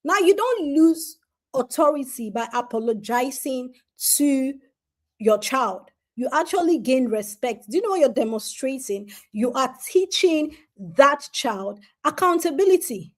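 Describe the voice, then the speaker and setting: Woman, high-pitched, parenting advice talk, earnest, repeats for emphasis, addresses parents directly. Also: lively intonation, measured pace. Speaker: parenting speaker.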